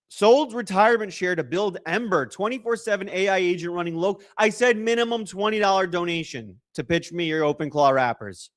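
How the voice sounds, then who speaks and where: A young man hosting a casual livestream, joking and rambling as he reacts to chat messages and donations. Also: a little high. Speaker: livestream host.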